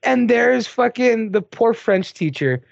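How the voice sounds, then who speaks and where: Animated, gravelly man reviewing films. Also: very high voice, slow pace, dry recording, highs cut off. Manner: animated, swearing, lots of "like" and "dude". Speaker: podcast co-host. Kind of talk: casual film review chat.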